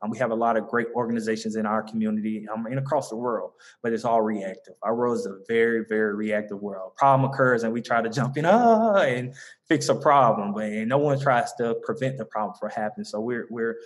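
A man's voice: on the low side, steady tone, fast talker, hardly any pauses. A young man from the American South with a Southern accent, speaking earnestly in a casual interview as a mentoring organization founder, with many fillers and restarts. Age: young adult.

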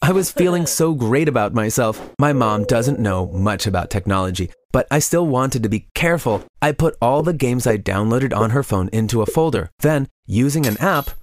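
A man telling a scripted confession story in an even, regretful storytelling voice. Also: medium pitch, a little hiss or hum.

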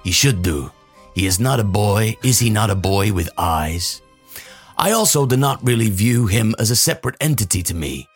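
A man voicing a pompous older billionaire as a Canadian mob boss, slow and menacing, in a comic monologue over faint music. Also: lowish voice, lively intonation, breathy edge. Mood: smug menacing. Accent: Canadian, put on.

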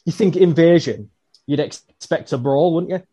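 A man co-hosting a podcast, calmly giving his match ratings in casual chat. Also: a little high, moderate pace, husky.

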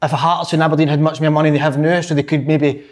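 A Scottish man on a football chat panel, talking passionately in halting bursts. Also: on the high side, level tone. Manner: halting, passionate, restarts often. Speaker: podcast panelist.

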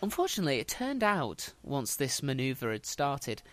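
A man recounting history in a relaxed, chatty way, slipping in wry jokes as he goes. His voice sits at an everyday middle pitch. The recording is dry and close, with no room echo. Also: moderate pace. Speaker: history podcast host. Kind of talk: casual storytelling chat.

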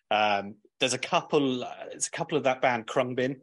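A man's voice: mid-range voice, moderate pace. A man, a clothing brand owner guesting on a podcast, talking bluntly in casual chat and swearing freely.

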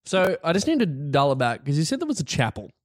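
A man's voice: a little high, wildly swooping pitch, fast talker. A man co-hosting a podcast in casual comedic chat, joking, swearing and reading out facts with mock outrage. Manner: jokey, swears, puts on bad silly accents. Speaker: podcast co-host.

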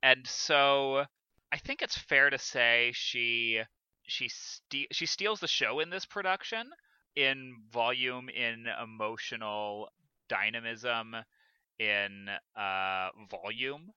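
A podcast co-host with a mid-range, bright, forceful, clean voice speaks slowly as he discusses a theatre production. His delivery is casual and halting, full of restarts, captured in dull, dry lo-fi sound without room sound.

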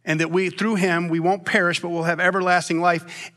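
A man preaches from the pulpit in a long-winded, animated way, often restarting his sentences. His voice sits fairly high and sounds bright and forceful. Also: brisk. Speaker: pastor. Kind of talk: sermon.

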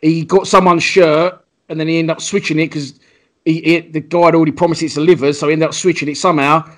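Chatty male podcast host, slightly high voice. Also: quick pace. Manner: relaxed, asks questions, laughs along. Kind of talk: casual interview.

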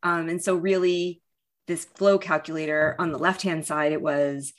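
A middle-aged woman in casual conversation, speaking with emotion, often halting and restarting with fillers. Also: low voice, steady tone.

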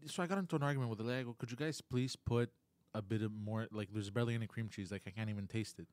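A man's voice: lowish voice, rapid-fire, a little mellow, dry recording. A man on a casual podcast, telling a story at length and peppering it with "you know" and "bro". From Montreal area.

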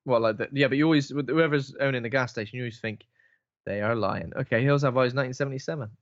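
A man's voice: mid-range voice, rapid-fire. Joking man on a dull, lo-fi mic. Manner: joking, absurd deadpan asides, swears freely. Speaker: podcast co-host. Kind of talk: casual chat.

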